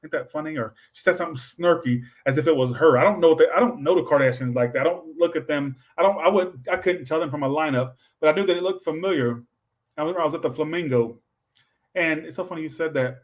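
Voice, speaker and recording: A slightly high-voiced man reads tarot cards live in a loose, rambling way. He sounds worn out, drops the odd swear word, and tags "all right" onto his thoughts. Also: quick pace, poor audio. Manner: blunt, swears casually. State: tired, low on energy. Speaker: tarot reader. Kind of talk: casual livestream tarot reading.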